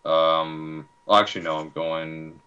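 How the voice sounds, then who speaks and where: Very deep, bright-toned joking young man. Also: little pitch movement, unhurried, clean tone, highs cut off. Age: 20s. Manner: joking, crude humor. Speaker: podcast co-host. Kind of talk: casual chat.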